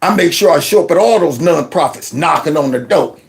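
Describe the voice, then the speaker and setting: Brief: bossy strutting tax collector put on by a man, mocking, pitch dips lower, rises and falls a lot. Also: lively intonation, a little fast, creaky. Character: swaggering male tax collector shaking people down.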